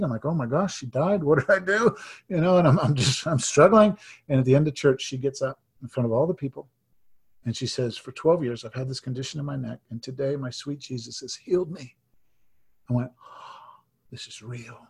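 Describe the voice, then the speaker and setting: A husky-voiced man in his fifties preaches to a congregation, telling his story in earnest. His voice drops to a near hush and then rises with emphasis. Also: medium pitch. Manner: earnest storytelling, swings between hushed and emphatic. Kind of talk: sermon testimony.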